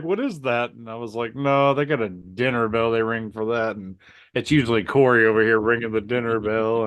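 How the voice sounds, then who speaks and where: A man co-hosting a podcast, telling a story with animated energy, acting out quotes and laughing often. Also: medium pitch. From Southern Indiana. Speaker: podcast co-host. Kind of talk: casual storytelling chat.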